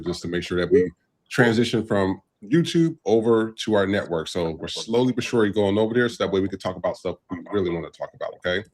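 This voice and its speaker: A man is hosting a live podcast, chatting loosely and filling gaps with "uh." His voice sits a little low, and his talk drifts along in an easy, unhurried way. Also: darkish tone. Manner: loose, rambling, many fillers. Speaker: podcast host. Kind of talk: casual live-stream chat.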